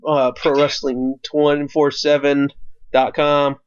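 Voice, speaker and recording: A man hosting a casual podcast chat, loose and easygoing and quick to laugh. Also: a little high, little pitch movement, smooth. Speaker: podcast host. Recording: dull lo-fi mic.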